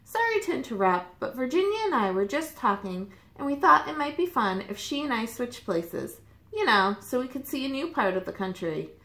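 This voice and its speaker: A woman voicing a very polite state in a picture book, speaking gently and courteously, in a roomy space. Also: high voice, sing-song, normal speed, pitched above the performer's own voice, heavily acted. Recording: roomy echo.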